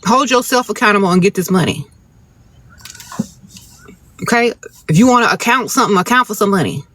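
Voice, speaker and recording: A woman's voice: mid-range voice, expressive, brisk, fairly bright tone. A woman hosting a casual livestream, giving blunt, sassy relationship advice in a lecturing tone.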